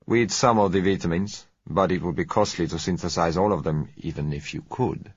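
A man voicing a sleek foreign oil dealer who talks politely, gently and without hurry. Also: low-pitched, fairly quick, breathy edge, no echo. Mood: smooth, polite. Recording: dry, slightly dull recording.

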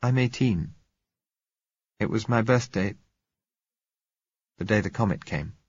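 A soft, earnest young blind woman of eighteen speaks haltingly, as a male narrator puts her on, lifted well above his natural register. Her voice comes through a husky, dull lo-fi recording. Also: on the low side, dry recording, pitched above the performer's own voice. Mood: faltering.

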